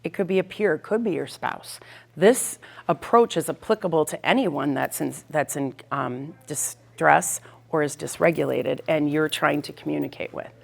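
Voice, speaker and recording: A middle-aged woman counselor talks parents through a practical approach in a conversational way, often checking in with "right?". Her voice sits low with a gravelly, fry-tinged edge. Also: normal speed. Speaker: school counselor presenter. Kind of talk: parent education talk.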